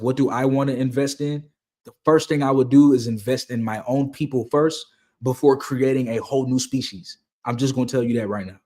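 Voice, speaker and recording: A man hosting a casual Q&A stream, talking in a relaxed, slangy way and repeating phrases for emphasis. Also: mid-range voice. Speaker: channel host answering viewer questions. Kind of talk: casual livestream Q&A.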